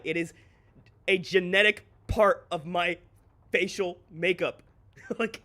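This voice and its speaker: A male streamer with a high, bright, sharp-edged voice chats loosely with his live audience. He rants candidly and swears freely, breaking into quick laughs between his points. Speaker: streamer and content creator. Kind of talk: casual livestream chat.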